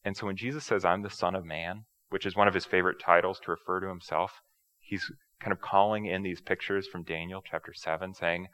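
A male pastor delivers a sermon in a church, his voice low-pitched yet bright and forceful. He explains scripture in a relaxed, conversational way, doubling back on words as he speaks. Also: brisk, low-quality recording. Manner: conversational preaching with repeated words and asides. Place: church sanctuary.

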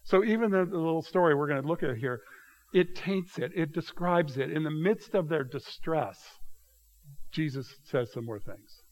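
A pastor walks listeners through a Bible passage in a conversational, teacherly expository sermon, often asking "okay?". His fairly high, darkish voice is animated at a normal speed, and the audio is poor.

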